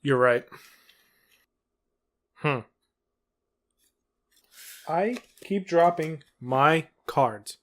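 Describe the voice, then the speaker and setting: A man's voice: on the high side, expressive, very slow, long pauses. A young man co-hosting a podcast, trading short, dry comebacks during a card game. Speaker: podcast co-host, player. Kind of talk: casual game chat.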